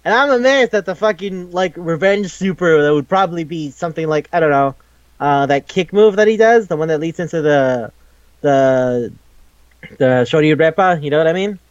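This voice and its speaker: A man's voice: fairly high pitch, normal speed, clear, resonant tone, no room sound. Rambling, profane man on a lo-fi podcast. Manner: rambling, profane, animated storytelling. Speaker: podcast co-host. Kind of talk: casual chat. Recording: dull lo-fi recording.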